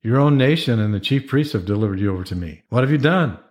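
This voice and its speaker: A man's voice: mid-range voice, expressive, fast, darkish tone, close to an everyday voice. A man voicing a wary, exasperated male Roman governor who asks pressing questions in a raised voice.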